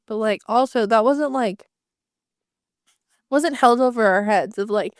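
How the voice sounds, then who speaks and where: Woman, higher smooth voice, dry close mic; lively, filler-heavy podcast co-host. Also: measured pace, pauses often, no echo. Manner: animated, filler-heavy, jumps in with examples. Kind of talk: casual chat.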